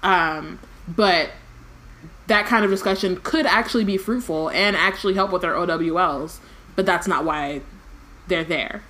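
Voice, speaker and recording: A woman's voice: lowish voice, measured pace, pushed and bright. Chatty woman reading aloud and riffing. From California. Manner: chatty, many fillers, laughs often. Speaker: podcast co-host reading aloud. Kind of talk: casual chat with read-aloud passages.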